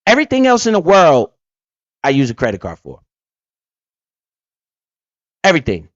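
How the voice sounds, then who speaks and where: A blunt, streetwise man hosting a profane, casual money-talk livestream, with big swings in pitch as he talks. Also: wildly swooping pitch, moderate pace, no room sound, muffled recording. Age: adult parent. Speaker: livestream host.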